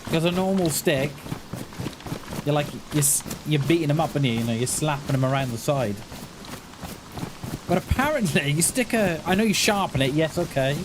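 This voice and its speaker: A man with a slightly high voice and lively intonation chats casually at a moderate pace while livestreaming a game. He rambles, chuckles often, and throws in self-mocking asides, all over a noisy background.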